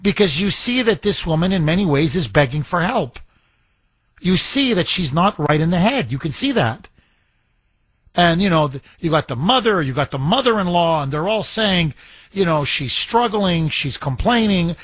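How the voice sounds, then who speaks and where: A talk radio host with a husky, slightly high voice, recorded close and dry. He argues his points emphatically and doubles back on himself mid-thought, with the pointed manner of call-in commentary. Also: expressive, normal speed, a bit bright, no room sound. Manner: emphatic, opinionated, digressive.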